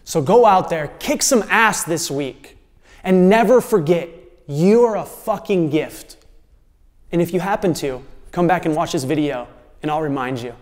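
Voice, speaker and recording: An earnest man delivers a motivational talk to camera in a slightly high voice. He speaks slowly and deliberately, letting phrases fall away softly. A long reverb trails behind his words. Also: lively intonation. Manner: earnest, slow and deliberate, dropping to a soft voice at the ends of phrases. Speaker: host.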